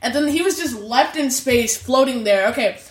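A woman's voice: sits high, moderate pace. A woman co-hosting a casual fan discussion, firing off bewildered questions. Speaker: podcast co-host. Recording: roomy echo.

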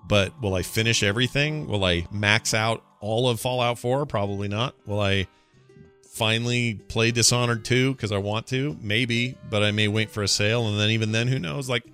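A man's voice: lowish voice, normal speed, a bit bright, faint music behind. A man co-hosting a gaming podcast, chatting casually and reading listener emails, often correcting himself mid-sentence. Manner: rambling, self-correcting, reads listener emails. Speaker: podcast co-host. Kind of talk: casual chat.

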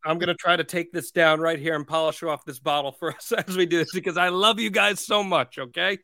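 A man's voice: fairly high pitch, fairly even intonation, brisk, pushed and bright, no room sound, studio quality. A man co-hosting a podcast, chatting casually and playfully with his co-hosts. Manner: playful, affectionate, joking. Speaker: podcast co-host.

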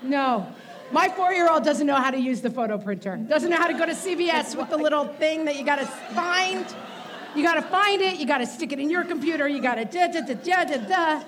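Comic co-host, woman, high bright register, live theater mic with audience murmur behind, exasperated rants. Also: a little fast, crowd noise. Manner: emphatic, exasperated, laughing often. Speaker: podcast co-host. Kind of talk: comedic live show banter. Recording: live stage recording with audience noise.

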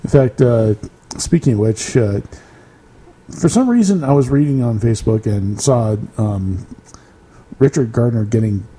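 A man's voice: medium pitch, animated, a little slow, dark tone, slightly rough, low-quality recording. A man co-hosting a podcast, chatting casually, teasing and laughing easily. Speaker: podcast co-host. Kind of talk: casual banter.

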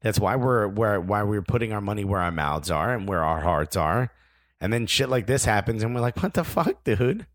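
A man's voice: fairly low pitch, a little fast, no echo, studio quality. A man co-hosting a podcast in casual chat, earnest and emphatic, with some self-deprecating humor. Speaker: podcast co-host.

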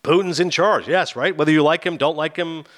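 A man's voice: on the high side, brisk. A man chatting casually as a film reviewer, animatedly acting out scenes. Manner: animated, acts out scenes with quoted voices. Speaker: film reviewer on a talk show. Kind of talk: casual chat.

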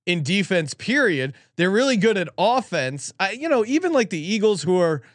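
A man co-hosting a sports betting podcast, chatting quickly with laughing banter. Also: sits high, big pitch swings, no room sound, studio quality. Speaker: podcast co-host.

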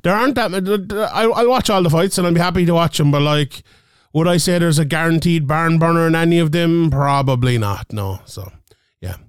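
A man's voice: on the high side, a little fast, few pauses, clean tone, no echo, studio quality. A man co-hosting a podcast, chatting casually through a fight card in a rambling way full of fillers. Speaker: podcast co-host. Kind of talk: casual MMA fight preview chat.

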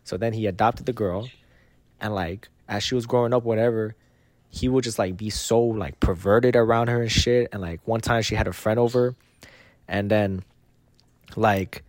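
Young man, podcast co-host, dry close sound; rambling, animated storyteller full of slang and swearing. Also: lowish voice, moderate pace, no echo. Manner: animated, slangy, swears a lot, acts out quotes. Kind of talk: casual chat, storytelling.

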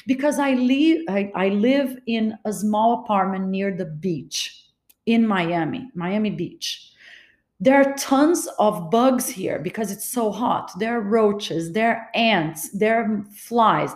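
A woman from Los Angeles, California hosts a podcast and tells a personal story in a candid, wry, confiding way. Her voice is on the high side, and the room sounds echoey.

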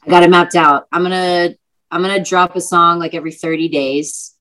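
A woman's voice: fairly low pitch, steady tone, brisk, fairly bright tone, low-quality recording. A young woman, an actress and singer, telling stories in a casual chatty interview, full of fillers and vivid retelling.

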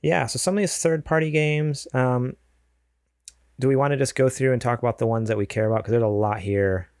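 A man's voice: medium pitch, steady tone, brisk, a little mellow, dry recording, studio quality. A man co-hosting a casual gaming podcast, rambling and hedging with lots of fillers. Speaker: podcast co-host. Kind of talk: casual chat.

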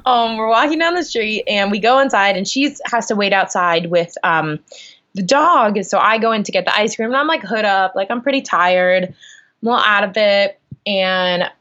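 A young woman telling a story in a casual interview at home, animated, acting out her own reactions. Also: mid-range voice, highs cut off. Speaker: guest. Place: at home, on the floor. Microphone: video call.

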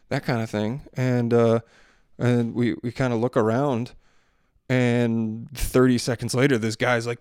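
Guy in his 30s or 40s, podcast host rambling through a story at home, smooth clear voice, dry close mic, lots of you-knows. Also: medium pitch, flat delivery, a little slow, a little mellow, no echo. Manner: chatty, loose, many fillers and restarts. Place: bedroom at home. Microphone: handheld microphone.

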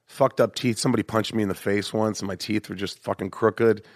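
A man hosting a podcast, telling self-mocking stories in a casual, animated way and slipping into acted voices. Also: lowish voice, fairly quick, no room sound, studio quality. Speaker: podcast host. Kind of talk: casual storytelling chat.

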